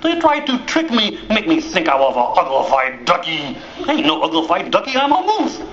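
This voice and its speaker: A man's voice: on the high side, huge pitch swings, normal speed, fairly bright tone. A man voicing a sad, lonely young moose who thinks he is a duckling, whining in broken English. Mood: triumphant. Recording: roomy, dull live recording.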